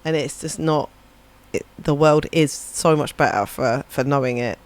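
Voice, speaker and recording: A woman's voice: sits low, moderate pace. A woman, a livestreaming musician, chatting casually and reflectively, rambling and swearing now and then. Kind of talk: casual chat on a live stream.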